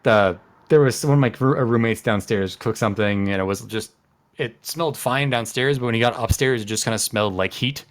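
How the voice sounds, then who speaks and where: A man with a low voice talks in rambling, easygoing chat, apologizing as he explains. He is recording on a sensitive mic in a room with the window open near a road. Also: a little fast. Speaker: player. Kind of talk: casual out-of-game chat. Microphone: sensitive desk mic.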